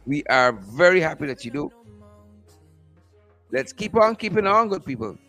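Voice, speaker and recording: A man with a Guyanese accent hosting a live stream from outdoors, repeating upbeat shout-outs to his viewers by name. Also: a little high, sing-song, normal speed, soft background music. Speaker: host.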